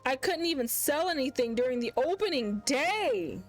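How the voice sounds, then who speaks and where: A woman's voice: high voice, animated, moderate pace, soft background music, low-quality recording. A woman hosting a gaming channel, reading a visual novel aloud in the first person and chatting about it expressively.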